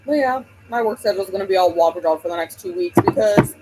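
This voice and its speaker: A woman's voice: medium pitch, quick pace, background noise. A woman hosting a book livestream, chatting casually and rambling while she greets viewers by name.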